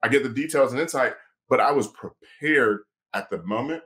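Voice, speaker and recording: A man, a sports agent and lawyer, telling a story on a podcast in a casual, animated way and acting out the quoted dialogue. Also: mid-range voice, normal speed.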